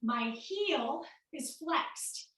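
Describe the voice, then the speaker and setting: A woman's voice: sits high, expressive, very slow, fairly bright tone, heavy reverb, far from the mic, rough recording. A woman fitness instructor with a Midwestern accent, upbeat and a little breathless as she cues moves while exercising along with a home workout class. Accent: American Midwestern.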